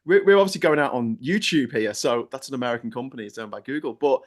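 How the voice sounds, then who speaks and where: A man's voice: mid-range voice, quick pace. A British man co-hosting a casual political chat, ranting with energy, swearing freely and mimicking people in a raised voice. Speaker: co-host.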